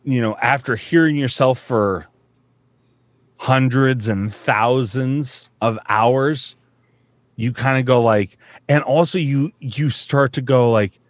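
A man's voice: mid-range voice, slow, no room sound. A man in his thirties who works as a voice actor, chatting casually in a rambling, profane, self-mocking way. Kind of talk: casual podcast chat. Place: home studio.

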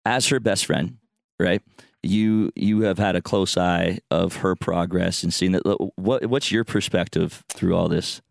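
A man's voice: deep voice, unhurried, gravelly, dry recording, clean studio sound. A laid-back male host from Canada, chatting casually and saying "dude" and "you know" often. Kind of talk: casual conversational interview. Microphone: handheld mic, passed around.

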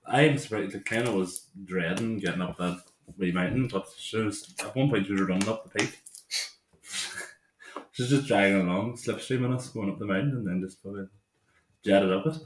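Young man, podcast co-host, low voice, rambling storyteller, slight hiss. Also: normal speed, echoey room. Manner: swearing, storytelling, laughs often. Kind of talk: casual chat.

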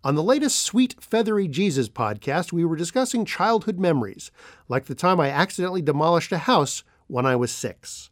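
A male podcast host reading thank-yous and listener mail in a relaxed way, with many fillers. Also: on the high side, brisk, no room sound, clean studio sound.

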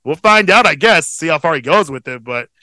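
Podcast co-host, man in his thirties, swears freely, bright, lively delivery, close dry mic. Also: fairly high pitch, a little fast, no room sound. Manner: profane, excitable, proud storytelling. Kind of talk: casual chat.

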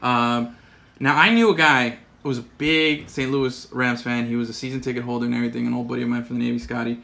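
A man's voice: mid-range voice, steady tone, quick pace, creaky, sharp tone. A man from Miami co-hosting a casual sports chat, rambling and restarting his sentences, laughing often. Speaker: podcast co-host.

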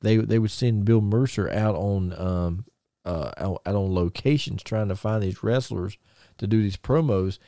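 Brief: man, podcast host, warm low voice, rambling excited storyteller. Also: dry recording, clean studio sound. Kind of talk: casual chat.

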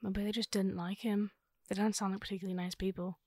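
A woman's voice: medium pitch, little pitch movement, fast talker, darkish tone, no room sound, studio quality. A woman from Liverpool co-hosting a podcast, chatty and teasing, jumping in with questions. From Liverpool, England. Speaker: podcast co-host. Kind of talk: casual chat.

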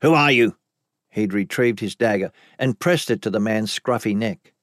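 A man narrating a story in the first person with dramatic, expressive delivery. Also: on the low side, moderate pace, dry recording. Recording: dry close recording.

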